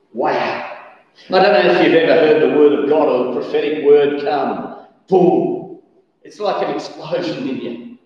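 A man preaching a lively sermon, telling stories with sudden shouted bursts. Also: medium pitch. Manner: animated storytelling, bursts of shouting. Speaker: pastor. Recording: echoey hall, distant dull mic.

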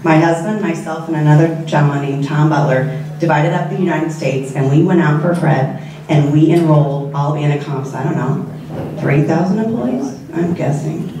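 Woman telling stories at a memorial, slightly low voice, distant and echoey. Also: normal speed, mellow, a little hiss or hum. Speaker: eulogy speaker. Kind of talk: memorial speech with anecdotes. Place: large room at a memorial. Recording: echoey hall, speaker off-mic.

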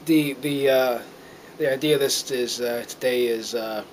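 A man's voice: mid-range voice, a little slow, background noise. A middle-aged man from the United States talking to a handheld camera in a casual, earnest monologue, rambling with many fillers and restarts and getting a little choked up. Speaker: vlogger.

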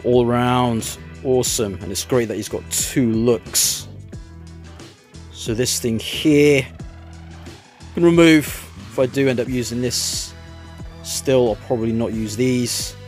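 A man casually reviewing an action figure, talking in a relaxed, rambling way with hesitant fillers. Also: mid-range voice, slow, faint music behind. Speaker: toy reviewer.

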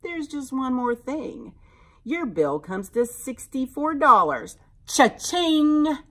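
A woman's voice: sits high, very animated, slow, pitched above the performer's own voice, heavily acted. A woman voicing a sly, mocking male monster who growls and gloats as he tricks a child.

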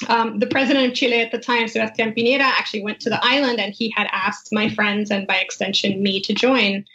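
A woman with a fairly high voice tells her story in a relaxed interview, laughing often and slipping into the voices of the people she quotes. The audio is dull and muffled. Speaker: guest, wine tasting business founder.

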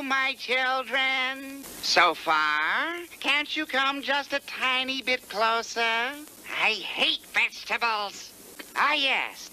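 A woman voicing a seductive, coaxing female python with a slow, crooning manner. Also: fairly high pitch, pushed and bright, a little hiss or hum, full character voice, poor audio.

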